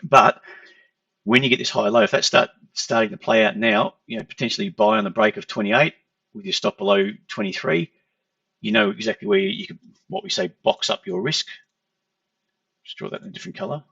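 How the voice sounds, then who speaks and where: A trading educator walks through charts in a conversational lesson, explaining as he goes and repeatedly checking in with "okay." His voice is on the high side, brisk, creaky, and sharp. The recording has no echo but is dull, lo-fi, and distant from the mic.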